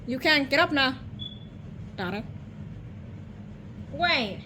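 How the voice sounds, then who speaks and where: A woman in a puppet comedy skit, shouting frantic, shrieky exclamations, with noise in the recording. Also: very high-pitched, big pitch swings, takes it slowly, pauses often. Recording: noisy background hiss.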